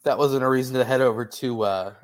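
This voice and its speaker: A man's voice: medium pitch, fairly quick. A man with a New Jersey accent hosting a casual sports podcast, upbeat and playful, working in sponsor plugs. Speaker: podcast host.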